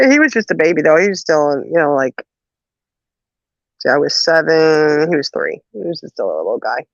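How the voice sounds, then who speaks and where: A woman hosts a casual chat and tells family stories in a lively, animated way. She acts out the voices in her tales, laughs often and leans on "you know." The recording is dry and slightly muffled. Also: low voice, normal speed, vocal fry, long pauses, no room sound. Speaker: host. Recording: dull, muffled audio.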